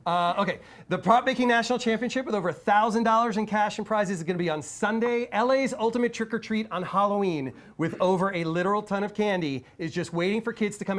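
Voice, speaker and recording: This is a breathless male host with a high voice, hyping events on a live stream. He rattles off long lists of attractions with plenty of energy. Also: fast, hardly any pauses. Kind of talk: promotional live-stream announcement.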